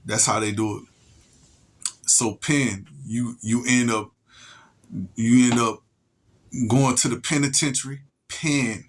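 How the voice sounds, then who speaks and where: A man's voice: medium pitch, fairly even intonation. A man delivering a heated, profane monologue rant to the camera as a vlogger, repeating and restarting his words and stretching out wordplay. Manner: drawn-out wordplay, slows down.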